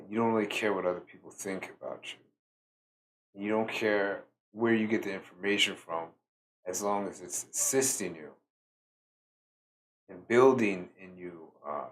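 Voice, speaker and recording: A tired man giving a slow, reflective solo talk as a spiritual teacher, pausing often with fillers. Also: sits low. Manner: slow, musing, with many fillers.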